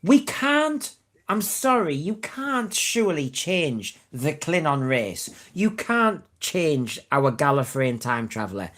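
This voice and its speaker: Lively, emphatic English man. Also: a little high, takes it slowly. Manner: lively and emphatic, laughing and indignant. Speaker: podcast co-host and streamer. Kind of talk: casual chat.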